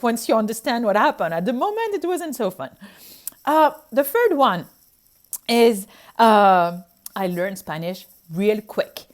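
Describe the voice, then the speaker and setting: A woman with a French accent tells stories from her work as a doctor in a casual, lively way. She acts out what she and others said, and her voice jumps higher for those quoted bits. Her voice sits a little high and moves a lot. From France. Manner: animated storytelling, acts out her own past reactions. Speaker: physician sharing her experiences. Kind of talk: casual chat.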